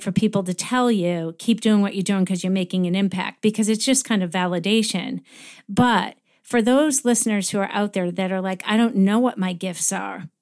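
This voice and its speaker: Effusive woman interviewer. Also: mid-range voice. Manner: effusive, warm praise. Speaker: host. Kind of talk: podcast interview.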